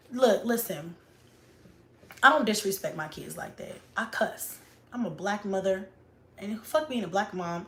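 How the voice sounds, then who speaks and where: A woman's voice: on the low side, fairly bright tone, echoey room. A woman in her thirties, a mom vlogger chatting casually, blunt and profane, talking back to critics. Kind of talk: casual livestream-style chat.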